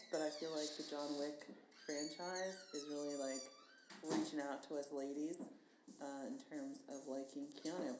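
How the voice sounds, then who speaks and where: A woman guest in casual chat, enthusiastic and chatty, thinking aloud with fillers. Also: low voice. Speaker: podcast guest. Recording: echoey room with faint hiss.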